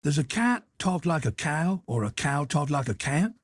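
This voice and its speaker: A man's voice: a little high, sing-song, normal speed, dry recording, studio quality. A man reading an audiobook, voicing a curious young boy who reasons earnestly and asks pointed questions. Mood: reasoning.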